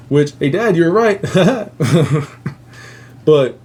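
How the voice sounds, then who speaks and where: A man telling a spooky family story in a loose, rambling way, swearing often and chuckling at his own asides. His voice sits at an ordinary middle pitch, with a faint hum of background noise behind him. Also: animated, measured pace, a little mellow. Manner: profane, rambling, laughs at own jokes. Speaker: host. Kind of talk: casual storytelling.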